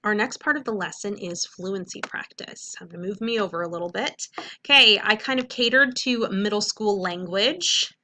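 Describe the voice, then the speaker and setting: A woman teaching a recorded phonics lesson, walking through each step clearly and checking in with "okay?" after each point. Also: medium pitch, normal speed, pushed and bright, slight background noise.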